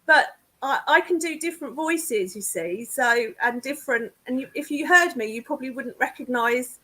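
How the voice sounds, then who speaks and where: A woman's voice: sits high, moderate pace, sharp tone. A woman from England, a guest psychic medium chatting casually over a video call, laughing often and self-deprecating.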